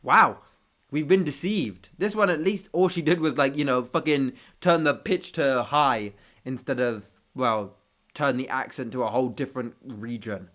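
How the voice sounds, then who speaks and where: A man's voice: medium pitch, moderate pace. A man with street hosting a reaction video, ranting casually with profanity and self-mocking jokes.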